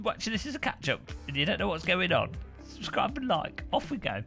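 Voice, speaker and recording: A man's voice: sits high, huge pitch swings, moderate pace, vocal fry, bright, forceful tone, faint music behind. A man hosting a casual live stream, rambling and joking while greeting viewers by name.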